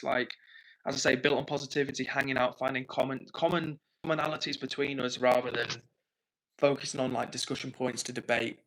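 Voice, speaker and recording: Give me a bright, crisp male voice, a streamer chatting loosely with his viewers and apologising for lagging behind. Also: mid-range voice, rough recording. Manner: chatty, rambling, apologetic, thinks out loud. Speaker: livestream host. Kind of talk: casual live-stream chat, reading out viewer comments. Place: home in the north of England.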